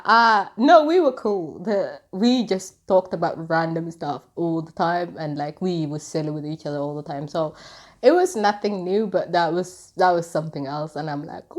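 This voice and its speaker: A woman's voice: fairly low pitch, expressive, unhurried. A young woman vlogger telling a story to the camera in a casual, rambling way, with lots of filler words. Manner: rambling and chatty, full of "like" and "anywho".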